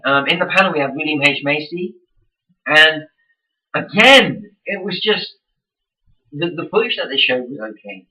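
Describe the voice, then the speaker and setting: Young man, exasperated sweary vlogger, bright, sharp voice, set back from the mic. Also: a little high, far from the mic, low-quality recording. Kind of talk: casual ranting vlog.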